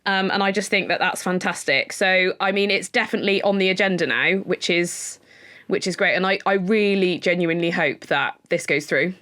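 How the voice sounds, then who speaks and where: A woman in her thirties, co-hosting a podcast in casual chat, enthusiastic and talkative, acting out what people said in quick little voices. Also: fairly low pitch, a bit bright. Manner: chatty, enthusiastic, quotes others in little acted voices. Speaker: podcast co-host.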